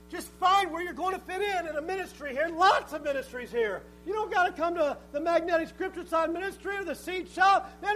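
A middle-aged male pastor preaching a sermon in a church, swinging from quiet to shouted emphasis. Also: very high-pitched, a little hiss or hum, rough recording. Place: church sanctuary.

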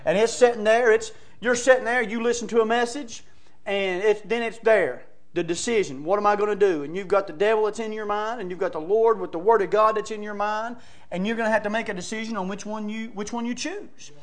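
A man. He tells stories in a folksy, excitable way and now and then climbs to shouting. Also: high-pitched, brisk. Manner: excitable storytelling, rising to shouts; folksy, says "man" and "brother" often. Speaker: preacher. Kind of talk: sermon.

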